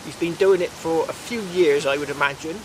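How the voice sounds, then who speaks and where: A man with a West Country accent, his voice sitting a little high, rambles cheerfully to the camera while detecting out in open countryside. His talk wanders and he chats to himself as he goes. The outdoor recording carries a clear hiss with rain and wind behind him. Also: fairly quick. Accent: West Country English. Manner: chatty, rambling, talks to himself while working. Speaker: metal detecting vlogger. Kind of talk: casual commentary to camera. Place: outdoors in rural fields.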